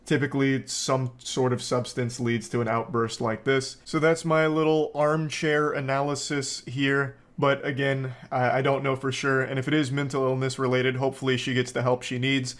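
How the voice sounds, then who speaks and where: A man's voice: mid-range voice, level tone, normal speed, hardly any pauses, a bit bright. A man giving reaction commentary on a video with dry, sarcastic asides. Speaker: commentary host.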